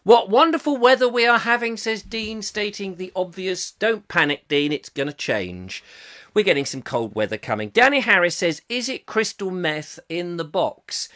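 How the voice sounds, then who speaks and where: A man's voice: high voice, sing-song, normal speed. A middle-aged man hosting a live online chat show, chatting in a jokey, rambling way and reading out viewer comments. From England. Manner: jokey and chatty, swings between loud and quiet asides.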